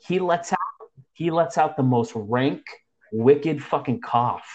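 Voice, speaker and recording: Profane, animated young man telling a story. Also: mid-range voice, takes it slowly, lo-fi sound, slight background noise. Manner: profane, slangy, animated retelling. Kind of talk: casual storytelling among friends.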